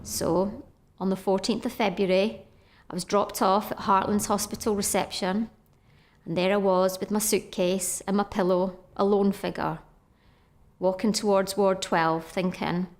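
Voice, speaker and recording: A woman's voice: medium pitch, fairly even intonation, unhurried. Middle-aged woman telling her story earnestly. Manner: earnest, reliving moments in inner-voice quotes. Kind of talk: personal storytelling.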